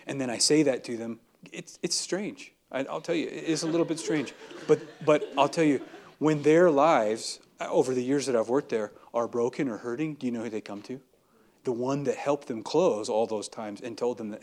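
A man's voice: mid-range voice, a little fast, a little mellow. A young adult man giving an earnest, conversational sermon, acting out everyday dialogue as he speaks. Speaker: preacher.

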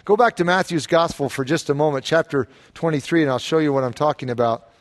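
Male pastor, high-pitched, emphatic verse-by-verse preaching. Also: quick pace. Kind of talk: expository sermon.

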